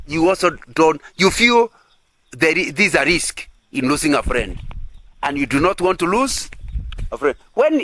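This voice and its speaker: A man's voice: fairly high pitch, a bit bright, slight background noise. A man preaching at a couples' retreat, earnest and repetitive, often asking the audience if they agree. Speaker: pastor.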